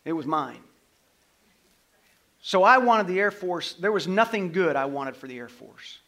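A middle-aged man, a pastor, preaching a sermon and telling a story, swinging from loud passages to hushed ones. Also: high voice, lively intonation, unhurried.

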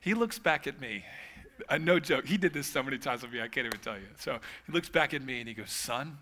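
A man's voice: mid-range voice, lively intonation, fast, pushed and bright, slight background noise. A man preaching a sermon as pastor, telling humorous stories with casual asides.

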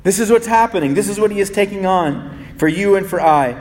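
A man preaching a sermon as pastor, his delivery swinging between soft, low pleading and raised, urgent peaks. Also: a little fast. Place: church sanctuary. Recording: long reverb of a large hall.

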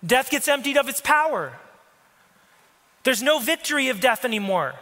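Male preacher, high and bright voice, chatty sermon with crowd asides, reverberant church hall. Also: big pitch swings, moderate pace. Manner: conversational preaching with asides to the congregation. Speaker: pastor.

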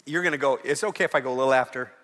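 A man preaching a sermon as a pastor, moving from chatty asides to loud, fervent exhortation. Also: medium pitch, very fast, in a large hall. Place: church.

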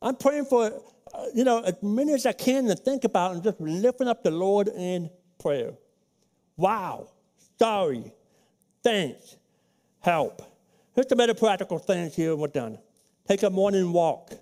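A man preaching a sermon as pastor of a church, teaching in a practical, conversational way and acting out his own prayers in a hushed voice. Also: sits high, lively intonation, measured pace. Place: church sanctuary.

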